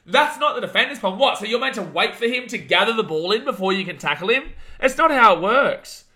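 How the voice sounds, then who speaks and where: A young Australian man hosting a live watch-along of a rugby league match, calling the play, reading chat and ranting, shouting at big moments. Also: high voice, a little fast. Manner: excitable, rants, shouts at big plays.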